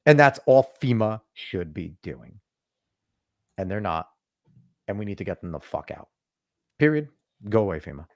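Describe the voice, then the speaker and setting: A man's voice: lowish voice, very animated, moderate pace, long pauses, no room sound, clean studio sound. A man hosting a podcast, ranting emphatically and swearing freely in casual political chat. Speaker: podcast host.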